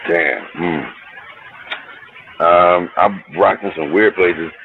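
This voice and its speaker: A man's voice: low voice, takes it slowly, narrow, tinny audio, slight background noise. A middle-aged man from New Jersey, a hip hop artist telling stories in a laid-back, slangy, profane way. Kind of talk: casual storytelling interview.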